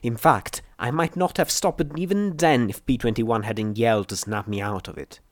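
A man reading fiction aloud in a steady, measured storytelling voice, close to the mic. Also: medium pitch, no room sound. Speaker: audiobook narrator. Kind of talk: scripted fiction narration.

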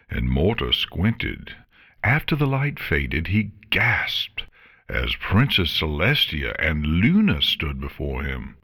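A man narrating a fan story aloud in a slow, expressive reading. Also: low voice. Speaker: reader.

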